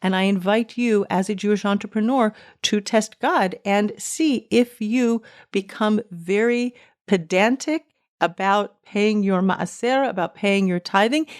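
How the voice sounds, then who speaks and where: A middle-aged woman delivers a podcast monologue in an earnest, emphatic way. She leans into her key points and lifts her voice when she quotes scripture, with a pitch that is neither high nor low. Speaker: podcast host.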